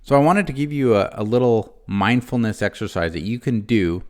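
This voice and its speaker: A man hosting a motivational podcast, talking earnestly and warmly straight to the listener, with frequent tag questions and restarts. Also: medium pitch, normal speed. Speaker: podcast host, former prison guard.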